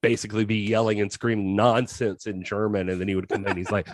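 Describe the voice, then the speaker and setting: A man's voice: lowish voice, little pitch movement, fast talker, dry recording, clean studio sound. A man co-hosting a casual film podcast, telling stories in a rambling way with many fillers and restarts. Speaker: podcast co-host. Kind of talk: casual chat.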